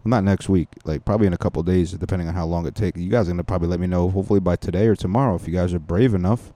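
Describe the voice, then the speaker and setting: A young man rambles through a crude comedy podcast monologue, stumbling over fillers and restarts. His voice is deep and mellow, and the recording is dry and close. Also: fast talker, dry recording.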